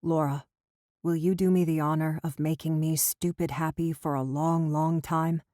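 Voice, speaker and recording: A woman's voice: sits low, steady tone, moderate pace, mellow, no echo, studio quality, close to an everyday voice. A woman voicing a playful young man who teases his girlfriend, read in an audiobook. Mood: tender. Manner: playful, amused. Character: teasing young man, grinning boyfriend.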